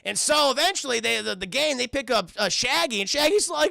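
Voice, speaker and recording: A man's voice: very high voice, animated, fairly quick, vocal fry, few pauses, sharp tone, dry recording, clean studio sound. A man casually recapping a cartoon episode for his live chat, rambling and profane, talking straight to the viewers. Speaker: streamer reviewing a cartoon.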